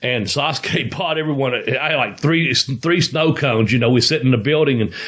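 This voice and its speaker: A man's voice: medium pitch, normal speed, a bit bright. A man co-hosting a podcast, a former wrestler telling rambling, profane stories and laughing as he goes. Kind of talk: casual storytelling chat.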